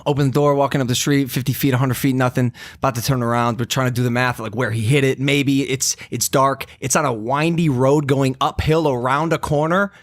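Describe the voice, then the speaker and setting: A young American man hosting a podcast, telling a story in loose casual chat. He is animated and jumps up in pitch whenever he quotes someone. His voice sits in an ordinary middle range. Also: a little fast, hardly any pauses, dry recording, studio quality. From United States. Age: 20s. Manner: animated, acts out quotes in a raised voice. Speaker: podcast host.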